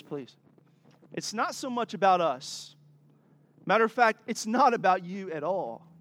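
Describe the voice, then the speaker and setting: A man with a high, bright-edged voice delivers a sermon in a lively storytelling manner, turning to talk straight to his listeners. The sound is close and dry, with no room around it. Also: no echo. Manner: animated storytelling, addresses the crowd directly. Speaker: pastor.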